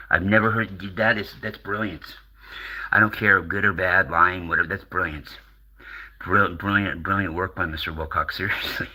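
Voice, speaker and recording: A man's voice: sits low, fairly even intonation, normal speed, bright, forceful tone, low-quality recording. A middle-aged American man rambling casually as a channel host, swearing and laughing often.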